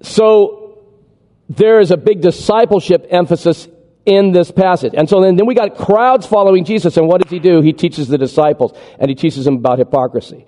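A man preaching a sermon, animated as he walks the congregation through a chart. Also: high-pitched, moderate pace. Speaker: pastor. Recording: echoey hall with long reverb.

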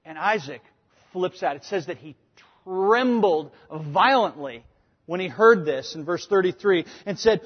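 A man preaching a sermon, emphatic and conversational, switching between loud points and quiet asides. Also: sits high, expressive, unhurried, husky, long reverb tail, highs cut off. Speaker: pastor.

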